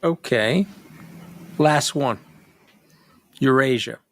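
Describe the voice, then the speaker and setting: Stammering interviewer firing quick prompts. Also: male voice, medium pitch, fairly bright tone. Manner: quick rapid-fire prompts, stammering restarts. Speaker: podcast host. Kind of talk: casual interview.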